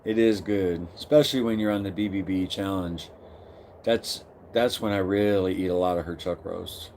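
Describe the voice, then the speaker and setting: A man's voice: sits low, moderate pace, darkish tone, a little hiss or hum. A middle-aged man hosting a casual live stream, greeting viewers by name and reading their comments aloud.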